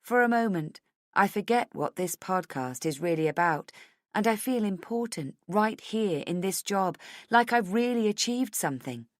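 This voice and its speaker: A woman's voice: mid-range voice, expressive, moderate pace, dry recording. A woman narrating a thriller audiobook in the first person, expressively, on a close mic.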